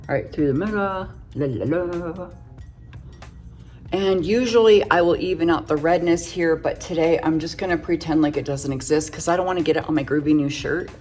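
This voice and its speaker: A middle-aged woman chatting through a casual makeup tutorial, full of self-joking, giggly asides. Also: low voice. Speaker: makeup vlogger.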